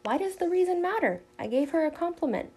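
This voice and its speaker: Blunt literal young boy in a storybook, read by a woman; plain and direct, a touch gravelly. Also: extremely high pitch, animated, fast talker, a little mellow, pitched above the performer's own voice. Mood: insistent.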